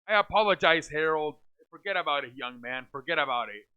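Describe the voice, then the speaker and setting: A man hosting a live sports reaction stream, scolding chat viewers over and over and calling the plays in a loud, repetitive way. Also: fairly high pitch, expressive, fairly quick, smooth. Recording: dull lo-fi stream audio.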